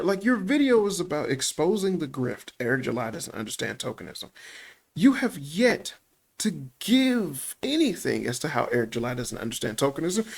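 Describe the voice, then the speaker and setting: A man with a Chicago accent rants through a profane reaction commentary. His gravelly voice swings widely in pitch, and laughter keeps breaking in between his points. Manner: animated, laughs often, heavy swearing. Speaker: YouTube commentator.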